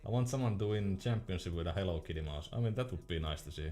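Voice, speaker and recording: A man's voice: low voice, animated, fast, dark tone. A young man streaming casually, reading chat questions aloud in a laid-back way and laughing often.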